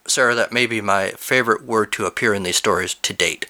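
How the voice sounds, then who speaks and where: A man's voice: fairly low pitch, fast, hardly any pauses. A man hosting, reading listeners' fill-in-the-blank stories aloud and breaking off for amused asides. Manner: animated, amused asides between read lines.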